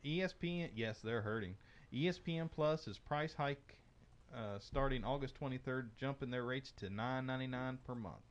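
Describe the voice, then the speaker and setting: A man's voice: mid-range voice, normal speed, muffled recording. A man hosting a casual tech podcast, reading news items aloud with frequent fillers and restarts. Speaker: podcast host.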